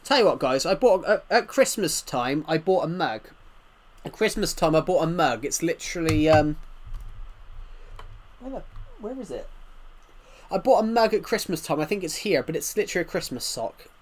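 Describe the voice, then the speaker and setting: A man's voice: on the high side, animated, normal speed, pauses often. A man in his twenties with a thick rural British accent, chatting casually and rambling to his chat as a game streamer. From United Kingdom. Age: 20s.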